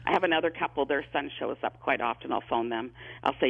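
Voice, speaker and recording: A man's voice: mid-range voice, fast, gravelly. A man, a psychic medium, chatting in an interview and telling stories, often repeating himself and restarting sentences. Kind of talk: phone-in interview, storytelling. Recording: tinny phone line.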